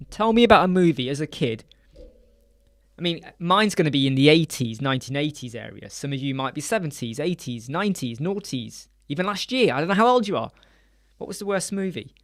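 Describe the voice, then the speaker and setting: A man, hosting a casual live stream chat from a small room lined with soundproof panels, animated and acting out quoted voices. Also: high-pitched.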